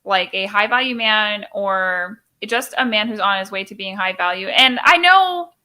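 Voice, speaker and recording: A woman's voice: medium pitch, animated, normal speed, bright, forceful tone. A young woman hosting a casual live stream chat, talking in an emphatic, opinionated way and acting out little quoted exchanges.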